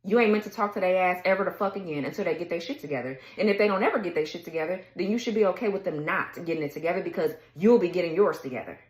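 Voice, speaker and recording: A woman's voice: lowish voice, racing, hardly any pauses, roomy sound, low-quality recording. A woman giving a tarot reading in a blunt, heated rant, cursing freely and laughing between her words. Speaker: tarot reader. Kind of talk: casual ranting tarot reading.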